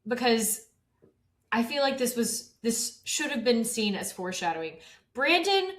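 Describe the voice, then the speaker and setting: A woman's voice: fairly high pitch, big pitch swings, a little slow, a bit bright. A woman co-hosting a podcast in casual chat, wry and mock-earnest. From United States. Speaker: podcast co-host.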